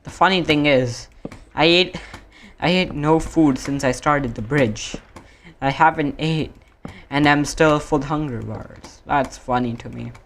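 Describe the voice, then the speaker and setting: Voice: medium pitch, a little hiss or hum. Rambling streamer from India. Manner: rambling, self-correcting, drawn-out fillers. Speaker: gaming streamer. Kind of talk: casual gaming stream chat.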